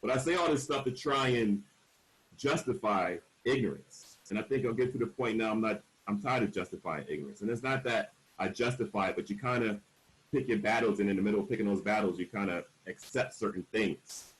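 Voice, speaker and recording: Frank, emphatic man with a lowish voice. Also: fairly quick, rough recording. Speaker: panel speaker. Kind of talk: candid personal storytelling at a panel.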